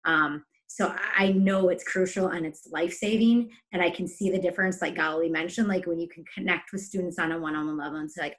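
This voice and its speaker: Passionate woman with a lower voice. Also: steady tone, a little fast, few pauses, fairly bright tone. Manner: passionate, emphatic. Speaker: teacher, podcast guest. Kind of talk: casual conversation.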